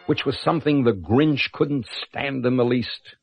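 A man's voice: medium pitch, a little slow, creaky. An older man narrating a rhyming storybook in a rhythmic, playful way, building up on repeated words. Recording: dull lo-fi cassette with music.

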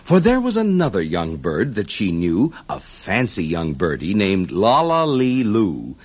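Guy reading a rhyming kids story, low husky voice, swoops up and down a lot. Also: measured pace. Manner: expressive, sing-song storytelling. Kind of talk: rhyming children's story narration.

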